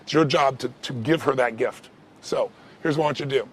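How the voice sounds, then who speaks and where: Fast, intense man coaching on stage. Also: mid-range voice, a little hiss or hum. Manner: intense, direct, coaxing questions. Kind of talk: live coaching session.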